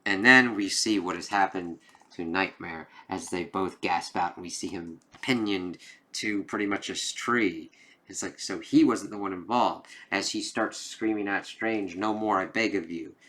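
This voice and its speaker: Man, comic review, casual, rambling, swears, bright tone. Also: low-pitched, a little slow. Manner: rambling, loose, with swearing and filler phrases.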